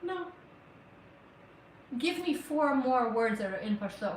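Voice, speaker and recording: A woman chats with her livestream viewers while she cooks, teasing them and answering their comments. Her voice sits a little high. She stands back from the mic in a roomy kitchen, with a faint hum of ambience behind her. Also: lively intonation, takes it slowly, distant mic. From United States. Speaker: criminal defense lawyer cooking on a livestream. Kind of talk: casual livestream chat. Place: home kitchen.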